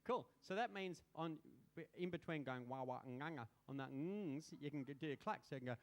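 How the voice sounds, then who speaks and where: A man's voice: a little high, animated, fairly quick, noisy background. A man, a musician chatting playfully between songs at a small live venue. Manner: playful, chatty, self-mocking. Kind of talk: stage banter between songs.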